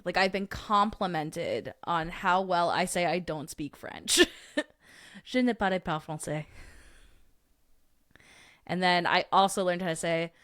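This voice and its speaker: A woman's voice: medium pitch, fairly bright tone, smooth, dry recording, studio quality. A woman hosting a casual livestream, reading chat comments aloud with joking asides and frequent laughs. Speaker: livestream host.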